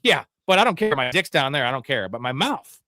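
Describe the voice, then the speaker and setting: Young male co-host, bright tense voice, crude rambling chat, dry close sound. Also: mid-range voice, sing-song, a little fast, no room sound. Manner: crude, rambling storyteller with many fillers. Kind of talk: casual live-stream chat.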